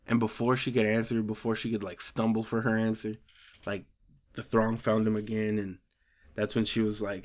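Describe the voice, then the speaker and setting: A man's voice: on the low side, level tone, moderate pace, highs cut off. A man casually recapping a story, rambling with lots of fillers and loosely quoting characters. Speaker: comic book reviewer.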